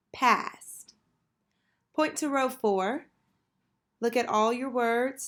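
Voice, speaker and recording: A woman teacher leading a children's phonics lesson, patiently prompting and pausing for answers. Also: medium pitch. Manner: slow, patient, call-and-response prompting.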